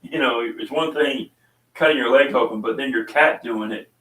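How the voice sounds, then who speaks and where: A man's voice: mid-range voice, moderate pace, a bit bright, distant mic. Chatty middle-aged man in an echoey room. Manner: rambling, chatty storytelling with many fillers. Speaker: podcast host and small coffee seller. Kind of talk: casual chat. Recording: roomy echo, voice away from the mic.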